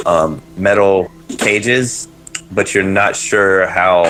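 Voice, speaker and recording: A man's voice: deep voice, noisy background. A man narrating as game master in a tabletop role-playing game, in a hesitant way with many ums and restarts.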